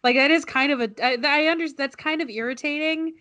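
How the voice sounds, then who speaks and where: A woman's voice: sits high, fairly quick, sharp tone. A young woman co-hosting a podcast in casual chat, rambling with restarts and laughing often. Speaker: podcast co-host.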